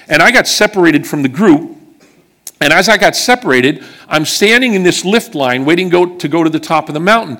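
A man preaching a sermon to a congregation and telling personal stories, earnest and emphatic, often dropping low and quiet on key words. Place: church service before a congregation.

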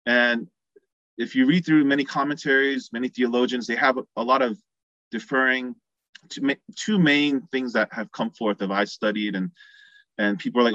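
A man's voice: medium pitch, steady tone, moderate pace, a bit bright, dry recording, highs cut off. A man preaching a sermon in a conversational way, acting out the people in the story as he goes. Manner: conversational, acts out quoted voices.

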